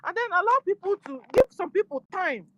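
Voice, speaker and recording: A woman hosting a casual live audio chat, forceful and firm, often asking "you understand?". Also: very high-pitched, expressive, a little fast, dry recording, dull audio. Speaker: host of an online audio space.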